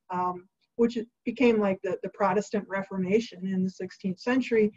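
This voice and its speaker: A woman's voice: medium pitch, a little fast, a little mellow. Breezy woman telling history. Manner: breezy, jokey, lots of fillers and quoted asides. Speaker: host. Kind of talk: casual chatty history storytelling. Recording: slightly dull lo-fi sound.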